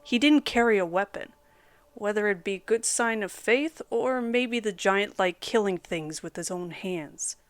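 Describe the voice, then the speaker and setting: A woman reading a scripted horror story aloud as its narrator, in a steady storytelling delivery. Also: mid-range voice, measured pace, no echo.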